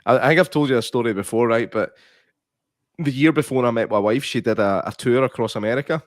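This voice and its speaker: A man's voice: mid-range voice, fast, dry recording, studio quality. A Scottish man in his forties, a podcast co-host who chats casually and laughs a lot while telling rambling stories. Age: 40s. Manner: laughs often, tells rambling anecdotes. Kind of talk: casual watch-along chat.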